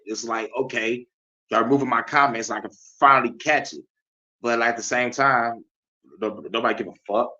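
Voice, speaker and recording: Vlog host, male, heated profane rant, tense and bright, lo-fi sound. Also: mid-range voice. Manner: profane, heated and animated, laughing often. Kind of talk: ranting commentary. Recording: dull lo-fi sound.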